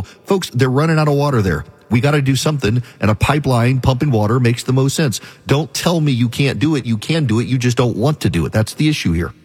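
A man's voice: medium pitch, darkish tone, breathy edge. A man hosting a talk show, delivering an emphatic, opinionated monologue in a conversational, repetitive way. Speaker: radio talk show host.

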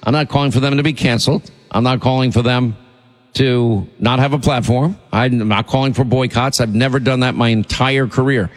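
A man's voice: mid-range voice, steady tone, moderate pace, in a large hall. A man hosting a talk radio show, speaking in a blunt, indignant, rambling way.

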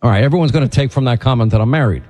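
A man's voice: mid-range voice, very fast, big-room sound. A man hosting a talk show, telling stories and delivering indignant commentary. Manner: animated, indignant storytelling. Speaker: TV host.

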